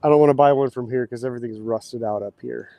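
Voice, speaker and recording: This host talks fast in a steady, warm, creaky mid-range voice with no echo. He's digging post holes outdoors during a casual livestream, chatting away, reading viewer comments, and at times catching his breath.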